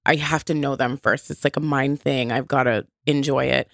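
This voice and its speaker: A woman's voice: rumbling low, steady tone, moderate pace, creaky, no echo. Woman in her 30s, blunt and laughing a lot, dry close mic. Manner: candid, blunt and laughing often. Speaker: podcast co-host. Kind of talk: casual chat.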